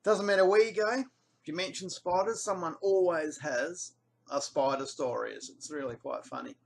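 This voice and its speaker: A man's voice: a little high, moderate pace, creaky, slight background noise. An Australian man casually telling a rambling story, his voice jumping up when he quotes people. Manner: rambling, animated when quoting others. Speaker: vlogger.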